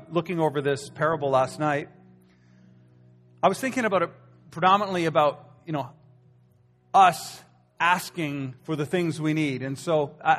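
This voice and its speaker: Animated male pastor in a reverberant hall. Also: fairly high pitch. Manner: conversational, animated storytelling with acted asides. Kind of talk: sermon. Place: church hall.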